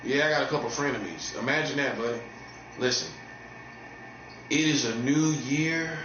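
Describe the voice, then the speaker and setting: A man delivering a taunting monologue as a self-styled preacher, repeating phrases and swinging from mocking highs to low, earnest tones. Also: moderate pace, noisy background. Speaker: street preacher. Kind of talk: provocative monologue. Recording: roomy dull lo-fi recording with faint ambience.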